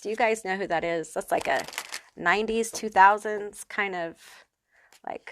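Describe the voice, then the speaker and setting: A woman's voice: medium pitch, fairly bright tone, slight background noise. A woman giving a casual pick-a-card tarot reading, chatty and emphatic, with frequent fillers. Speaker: tarot reader.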